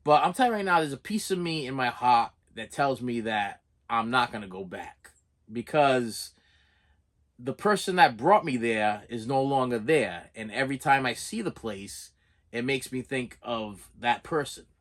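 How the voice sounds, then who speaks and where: A middle-aged man hosting a movie collecting channel, telling a personal story in a halting, emotional vlog monologue and repeating his words as he goes. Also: mid-range voice, animated, fairly bright tone. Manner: halting, repeats words, voice rises when upset.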